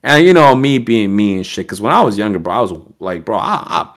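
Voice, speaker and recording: A man's voice: fairly low pitch, brisk. A man telling a story as a podcast guest, in a casual streetwise manner with heavy swearing. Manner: streetwise slang, heavy swearing, animated quoting.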